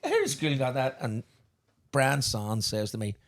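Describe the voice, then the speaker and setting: Animated swearing Northern Irish man. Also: mid-range voice, measured pace. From Northern Ireland. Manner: swearing, animated anecdote telling. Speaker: podcast host. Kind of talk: casual storytelling chat.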